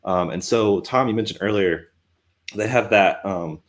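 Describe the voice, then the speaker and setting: A man co-hosting a podcast in casual chat, explaining things in a relaxed way with many fillers. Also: on the low side, unhurried. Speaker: podcast co-host, reporter.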